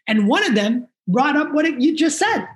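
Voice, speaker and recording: A man speaking as a podcast guest and community activist, telling a story in an emphatic, energetic way and acting out quotes. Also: very high voice, normal speed. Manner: emphatic, energetic, quotes others in lively asides. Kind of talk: animated conversational storytelling.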